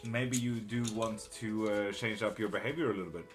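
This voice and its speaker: A man's voice: on the low side, steady tone, moderate pace, soft background music. A middle-aged man doing a casual live-stream tarot reading, reading out chat and muttering curses under his breath. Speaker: tarot reader and witchcraft teacher.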